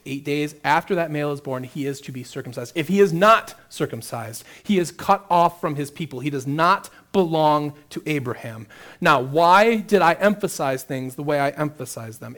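A pastor delivers a sermon, reading scripture aloud and then explaining it with rising emphasis. His voice is a little high and fairly bright in tone.

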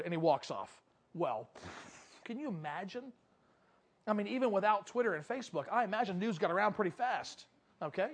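A preacher giving a sermon, retelling scripture in an animated, conversational way with rhetorical questions and asides to the congregation. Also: mid-range voice, a little fast, pauses often, slightly rough.

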